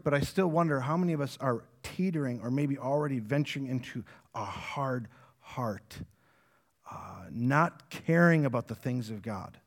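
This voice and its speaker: A man in his thirties, a pastor preaching a sermon in a conversational way, with frequent fillers and restarts. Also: mid-range voice.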